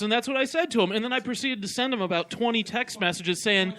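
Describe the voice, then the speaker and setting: A young man, a guest on a casual radio show, telling a profane story in an excitable way. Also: sits high, quick pace.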